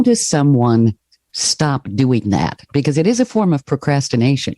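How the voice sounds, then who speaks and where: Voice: medium pitch, big pitch swings, moderate pace, dark tone, no room sound, studio quality. A podcast host interviewing a guest, friendly and affirming.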